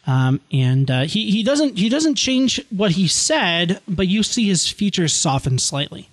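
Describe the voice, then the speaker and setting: A man narrating as game master, talking in halting bursts with many restarts. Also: high voice, animated, dry recording.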